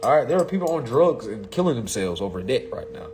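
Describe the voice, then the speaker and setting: A man, talking in a profane, excitable casual monologue, reading legal text aloud and mocking it. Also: medium pitch, quick pace, faint music behind. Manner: profane, excitable, laughs often, reads text aloud and mocks it. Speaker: commentator on consumer law.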